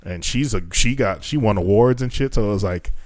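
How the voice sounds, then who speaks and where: A man co-hosting a podcast, telling stories in a casual, profane and animated way. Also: fairly low pitch, fairly quick, no room sound. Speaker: podcast co-host. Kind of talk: casual chat. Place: Japan.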